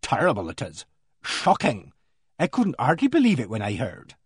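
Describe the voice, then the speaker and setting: A man voicing a housemaid who relishes bad news, speaking with dramatic gloom and knowing pauses. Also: medium pitch, wildly swooping pitch, slightly rough, dry recording, clean studio sound, exaggerated voice. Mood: gloomy relish.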